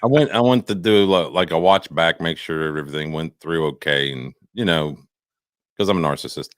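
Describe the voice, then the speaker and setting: A man's voice: rumbling low, normal speed, no room sound, clean studio sound. An older man co-hosting a podcast, rambling and self-mocking in casual chat. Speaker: podcast co-host.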